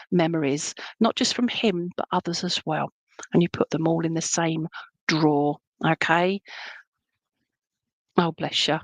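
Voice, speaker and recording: A woman medium gives clairvoyant readings at an online church service, chatty and affectionate, with plenty of endearments. Her voice sits on the low side and sounds dry and close, with no room around it. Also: dry recording. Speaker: spiritualist medium. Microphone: online stream.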